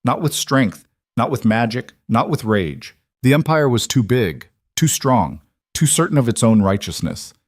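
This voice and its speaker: A man narrating a dark fantasy story in measured, clipped dramatic phrases. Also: medium pitch, sing-song, dry recording, clean studio sound. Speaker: audiobook narrator.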